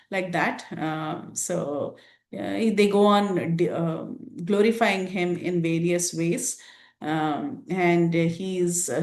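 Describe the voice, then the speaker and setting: A woman teaching a scripture class, retelling the story in a lively way and laughing often. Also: fairly low pitch, reverberant. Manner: animated storytelling with frequent laughs.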